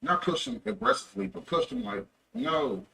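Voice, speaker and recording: A young man streams and tells a long, rambling story, often correcting himself. His voice is raspy with fry and has a bright, sharp edge, and his pitch rises and falls a lot. He sits back from the mic, and a faint ambient hum runs underneath. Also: lively intonation, fast, distant mic, rough recording. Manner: rambling, loose, self-correcting. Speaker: livestreamer. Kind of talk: casual storytelling.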